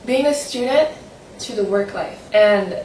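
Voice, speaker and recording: A woman's voice: medium pitch, a little slow, a little mellow, far from the mic, slight background noise. Young woman vlogging in a roomy space. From Saint-Martin. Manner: candid, rambling, self-conscious. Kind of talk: personal vlog chat. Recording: roomy echo, voice from the mic, faint ambience.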